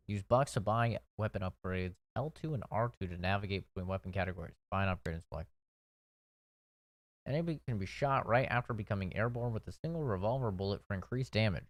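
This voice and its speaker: A man's voice: on the low side, dry recording. A young adult man casually commentating a video game, swearing freely and reading on-screen text. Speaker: streamer.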